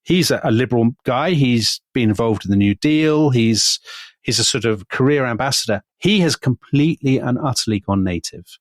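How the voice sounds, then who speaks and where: A man co-hosting a podcast, telling history in a lively conversational way and dropping his voice to quote people. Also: normal speed, no echo, clean studio sound. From Britain. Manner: animated, quotes figures in lowered voice. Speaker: podcast co-host.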